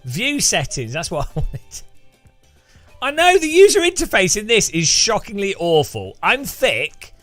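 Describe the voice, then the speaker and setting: A man's voice: high-pitched, huge pitch swings, a little slow, fairly bright tone, no echo, soft background music. A man streaming a racing game, chatting casually to viewers in a rambling, self-mocking way with frequent chuckles. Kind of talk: casual live gameplay commentary.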